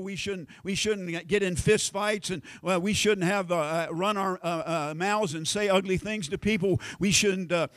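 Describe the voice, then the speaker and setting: High-voiced preacher man. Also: no room sound. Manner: repeats "amen?" to the congregation, with restarts. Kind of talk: sermon. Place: church sanctuary.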